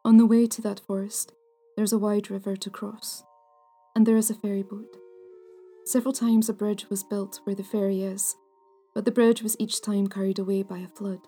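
Hushed, mellow woman telling ghost stories. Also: medium pitch, flat delivery, moderate pace, faint music behind. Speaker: storyteller, podcast host. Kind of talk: scripted narration of ghost stories.

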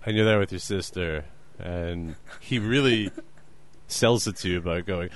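A man talks at an unhurried, slow pace in a middle-pitched voice. He jokes easily and keeps breaking into laughter during casual banter. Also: no echo. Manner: joking, laughs often, slips into silly voices. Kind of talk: casual comedic chat.

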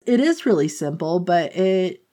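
A woman with a lowish voice walks through a book's plot at a slow, easy pace. She tells it like casual chat with a friend, animated and quick to laugh. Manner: animated storytelling, laughs often. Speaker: book podcast host.

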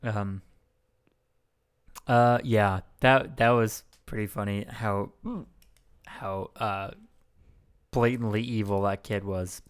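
Smooth-voiced sarcastic podcast guy. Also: on the low side, steady tone, takes it slowly, long pauses. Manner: sarcastic, rambling with many fillers. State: hiccups. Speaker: podcast co-host. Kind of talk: casual comedic podcast chat.

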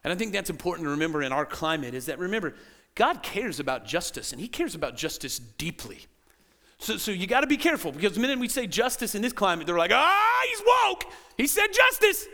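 A man preaching a sermon as pastor in a church, animated and acting out quoted voices. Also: high voice, quick pace. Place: church sanctuary.

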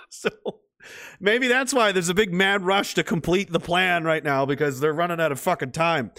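A middle-aged man with a somewhat high voice talks into a close microphone in a dry, dead-sounding room. He hosts a casual livestream and rambles loosely, swears freely and often breaks into laughter. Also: fairly quick, sharp tone, dry recording. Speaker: livestream host reading chat.

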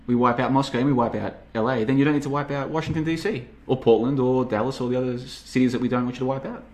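A man's voice: mid-range voice, fast talker, darkish tone, lightly acted. A man voicing a breezy, overly casual American president in a comedic retelling, chummy and glib.

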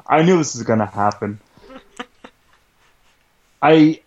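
A man's voice: medium pitch, animated, slow, darkish tone, lo-fi sound, slight background noise. A man co-hosting a podcast, ranting in an agitated casual way, often stopping to restart and asking "right?". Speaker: podcast co-host. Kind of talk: casual film rant.

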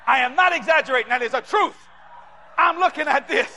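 A man from New Orleans preaching a sermon, telling a story in an animated, shouting way and acting out the voices. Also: very high-pitched, a little fast, in a large hall, slight background noise. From New Orleans, Louisiana.

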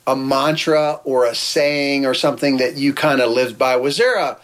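A man's voice: mid-range voice, moderate pace, fairly bright tone. A man hosting an interview, speaking in a friendly, respectful manner and telling stories with animation. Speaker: interviewer host. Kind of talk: casual interview chat.

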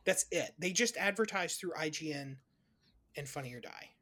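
A lively podcast co-host whose pitch swings up and down a lot. The talk is casual and animated, with swearing and long lists of examples tossed into the chat. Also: moderate pace. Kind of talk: casual chat reviewing movies.

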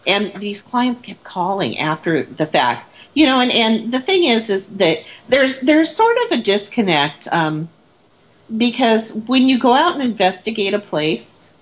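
A woman's voice: on the high side, sing-song, a little slow, low-quality recording. A woman in casual conversation, a paranormal investigator who tells stories in a chatty way and acts out the people she quotes.

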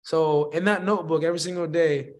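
A man, a musician guest, telling a story in a slangy, rambling and animated way. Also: fairly high pitch, brisk. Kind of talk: casual storytelling.

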